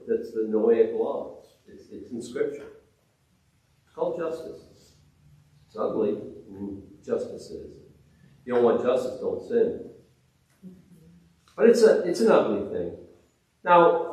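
A man with a mid-range voice delivers a sermon with restless energy, swinging between loud exclamations and quiet, reverent hushes while stumbling over his own restarts. He sounds far from the mic, and heavy echo fills the room.

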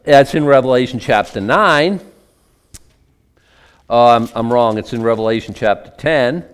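A pastor with a medium-pitched, smooth voice delivers a conversational Bible-teaching sermon at a measured pace. Between readings from old scripture, he asks the congregation questions and drops chatty asides.

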